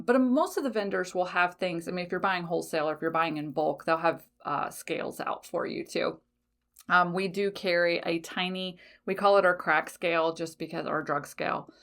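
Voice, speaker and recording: A woman's voice: fairly low pitch, moderate pace, fairly bright tone. A woman hosting a podcast in a casual solo chat, laughing often, swearing lightly and correcting herself as she goes. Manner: frequent fillers, self-corrections. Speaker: podcast host.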